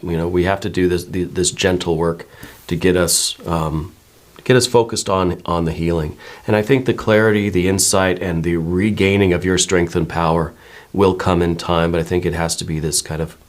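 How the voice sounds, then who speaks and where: A man giving a tarot reading to his viewers, musing and meandering as he goes, hedging often and checking in with a soft "right?". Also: low-pitched. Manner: musing and meandering, many hedges and repeated "right?". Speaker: tarot reader.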